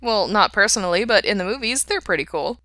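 A woman's voice: mid-range voice, animated, fast, pushed and bright, no room sound, pitched above the performer's own voice. A woman voicing an eager, easygoing young man with a lifted delivery. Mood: friendly.

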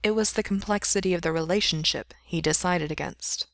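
A woman voicing a calm, gentle male friend who speaks in a measured, reassuring way, in a storybook reading. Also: fairly low pitch, gravelly, no echo, clean studio sound.

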